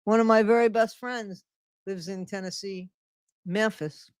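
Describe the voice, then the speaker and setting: A woman's voice: mid-range voice, fairly even intonation, a little slow, no room sound, clean studio sound. A middle-aged woman hosting a casual live stream from home, greeting viewers by name and repeating her phrases. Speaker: livestream host.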